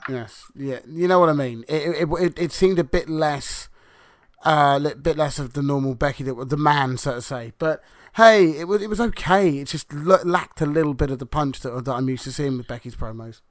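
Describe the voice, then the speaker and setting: A man's voice: fairly high pitch, normal speed, no echo, clean studio sound. A man co-hosting a casual wrestling podcast, hesitant and restarting as he thinks aloud. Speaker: podcast co-host.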